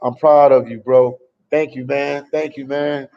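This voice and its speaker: Here the travel streamer from Memphis, USA, speaks unhurriedly in a mid-range, level voice with vocal fry, the sound muffled. He keeps things casual from a café in El Salvador, chatting and replying to comments from viewers.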